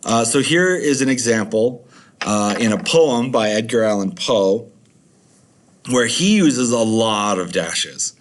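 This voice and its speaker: A man's voice: fairly low pitch, animated, slow pace. A man teaching a recorded video lesson, chatty and rambling with many fillers.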